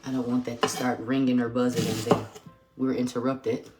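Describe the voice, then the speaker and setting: A woman's voice: very deep voice, level tone, moderate pace, loud music behind the voice. A middle-aged woman hosting a casual home cooking show, chatting and teasing as she works in her kitchen. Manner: chatty, teasing, thinks aloud while working.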